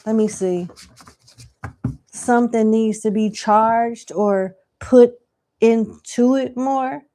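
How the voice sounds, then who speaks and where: A woman's voice: a little high, steady tone, slow, dark tone. Chatty woman doing live tarot readings. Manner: casual, chatty, slangy, laughing asides. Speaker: tarot reader.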